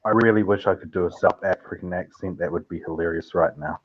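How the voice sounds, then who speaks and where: A man's voice: low voice, fast. A man from New Zealand with a South Island accent, joking around as a guest in a casual online chat. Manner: jokey, playful. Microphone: phone on a video call. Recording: dull, breaking-up phone audio.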